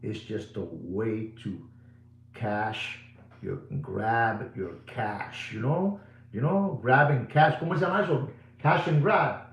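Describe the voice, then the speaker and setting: A middle-aged man pitching watches on a live show, repeating himself like a showman and dropping from booming bursts to near-whispers. Spanish words pop up in his English. His voice sits at an ordinary pitch in a roomy, echoing space. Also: expressive, unhurried, gravelly, dull audio. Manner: showman-like, repetitive, swings between booming and hushed. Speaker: watch dealer hosting a live sales show. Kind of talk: live sales pitch to viewers. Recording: roomy echo.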